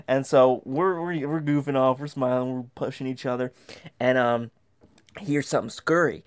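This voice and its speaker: A man telling a comic, mock-terrifying story from his past, dropping to whispers and then rising into loud, frantic bursts. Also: mid-range voice, fairly even intonation, normal speed, clean tone. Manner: dramatic, dropping to whispers and rising to near shouts.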